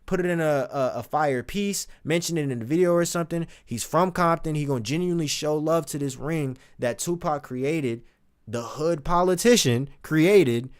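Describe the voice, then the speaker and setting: A man streaming casual, animated, profane commentary, reading lyrics aloud between remarks. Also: on the high side, normal speed.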